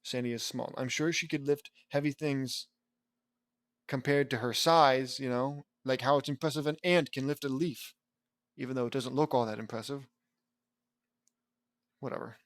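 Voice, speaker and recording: A man's voice: medium pitch, fairly even intonation, moderate pace, pauses often, no echo. A young man reading a fan story aloud, breaking off into sarcastic, exasperated asides to mock the writing. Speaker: fanfiction reader and commentator. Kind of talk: mocking read-aloud commentary.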